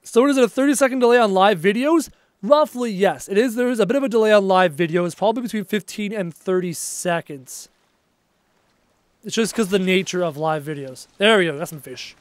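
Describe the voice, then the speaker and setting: Young man, from Canada, live streamer, casual chat, reads chat aloud, high voice, dry close sound. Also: fairly quick, dry recording.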